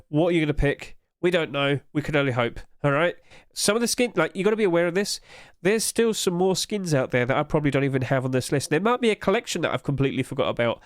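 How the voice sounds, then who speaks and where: A young man, streaming and chatting casually and rambling with animated energy. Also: on the high side, clear, resonant tone, dry recording, clean studio sound. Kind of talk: casual live-stream chat.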